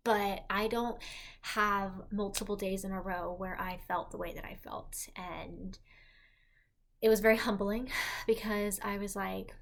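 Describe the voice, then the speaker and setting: A woman's voice: mid-range voice, vocal fry. Chatty young woman, rambling vlog confessional. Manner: rambling, heavy use of "like", self-correcting. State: pregnant. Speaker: pregnancy vlogger.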